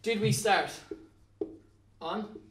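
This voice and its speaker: Irish male teacher, higher-pitched, patient and plain, recorded off-mic in an echoey classroom. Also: drawn-out words, distant mic, a little hiss or hum. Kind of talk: recorded classroom lesson at a whiteboard. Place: classroom with a whiteboard.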